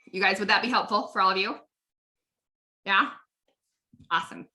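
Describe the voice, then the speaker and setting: A woman's voice: mid-range voice, fairly even intonation, normal speed, bright, forceful tone. A woman coaching a live online group on network marketing, chatty and upbeat, often asking "right?".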